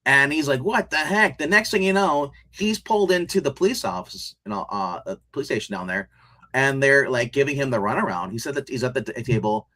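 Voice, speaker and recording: Rambling, animated man reviewing a show. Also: medium pitch, a little fast. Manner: rambling and animated, many restarts and laughs, retells scenes. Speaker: podcast co-host reviewing a TV show. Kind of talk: casual review chat.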